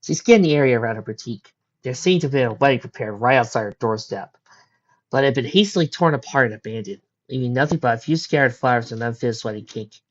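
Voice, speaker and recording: A woman reading a fan story aloud, narrating quietly and quickly between the characters' lines. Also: extremely low pitch. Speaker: fan fiction reader. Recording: dull lo-fi recording.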